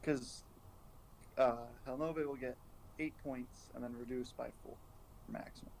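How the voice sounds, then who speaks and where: A man playing a tabletop game who declares his moves plainly, pausing with fillers. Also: mid-range voice, steady tone, gravelly, a little mellow, poor audio. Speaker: player. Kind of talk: casual tabletop play.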